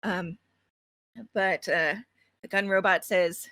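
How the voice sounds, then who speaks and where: A woman narrating as game master of a tabletop game, slow and halting with many fillers. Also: mid-range voice, sharp tone, no room sound.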